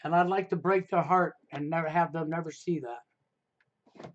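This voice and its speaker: A middle-aged man hosts a live stream in a high-pitched voice. He talks in an emphatic, preachy way and keeps tagging his points with "okay?". The sound is dull and lo-fi. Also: steady tone, unhurried. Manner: emphatic, repeats "okay?" to drive points home. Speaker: livestream host. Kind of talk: casual advice talk on a live stream.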